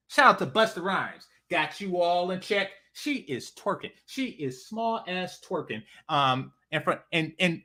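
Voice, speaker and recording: A man's voice: sits high, animated, measured pace, few pauses, bright, forceful tone. A man hosting a reaction commentary, mocking and repetitive with plenty of profanity. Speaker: commentary channel host.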